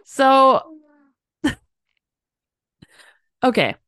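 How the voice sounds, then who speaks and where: A woman's voice: high voice, very animated, very slow, a bit bright, no echo, studio quality. A woman co-hosting a casual podcast, easygoing and joking while recapping a TV episode. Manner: easygoing, laughs often, dad jokes. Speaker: podcast co-host.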